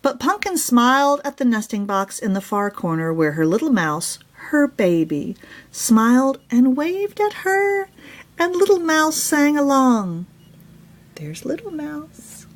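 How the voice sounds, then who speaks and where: A woman author reading her own children's story aloud. Her delivery is unhurried and very expressive, with a lively, swooping melody, and her voice sits a bit high.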